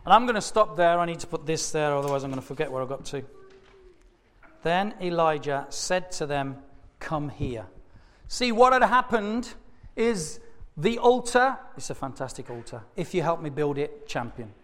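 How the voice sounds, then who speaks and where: A man preaching in a church, retelling a Bible story with animated asides and chuckles. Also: on the high side, moderate pace. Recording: echoey church hall.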